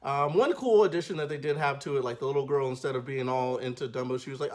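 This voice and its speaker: A man giving a casual film review in a slangy, animated way, often acting out scenes. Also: medium pitch, fast, hardly any pauses.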